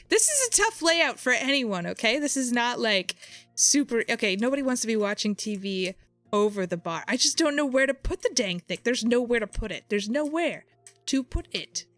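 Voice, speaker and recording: Woman streamer, lively and exasperated, dry close mic. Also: on the high side, dry recording. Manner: exasperated, thinking aloud, answering chat. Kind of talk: casual live-stream chat while playing.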